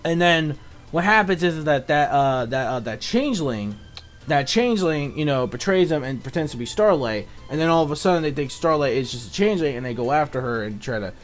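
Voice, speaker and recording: A young man reviewing a cartoon episode in casual, rambling talk, excitable and profane, full of fillers, now and then mock-shouting in a high, exasperated voice. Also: a little fast, soft background music. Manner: rambling, excitable, swears a lot, fills with "like" and "you know".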